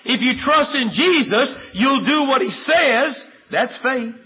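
A man preaching a sermon, earnest and emphatic, moving between loud urging and quiet appeal and citing chapter and verse in steady lists. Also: very high-pitched, takes it slowly, poor audio.

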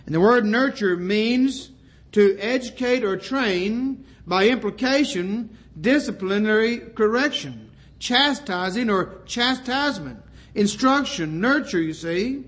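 A man's voice: sits high, animated, slow pace, a bit bright. An older man preaching a sermon on fathers and discipline, telling folksy stories with frequent asides to his listeners. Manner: folksy, anecdotal, with many "you know" asides.

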